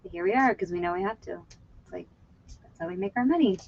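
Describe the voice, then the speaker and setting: A chatty, giggly woman from Virginia talks casually while she works on her reselling. Her voice sits at a middle pitch and is full of fillers and laughter. The recording sounds a bit dull and lo-fi. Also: fast talker. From Virginia, USA. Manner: chatty and giggly, lots of "like" and "you know what I mean". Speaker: eBay reseller and channel host. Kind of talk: casual chat while working.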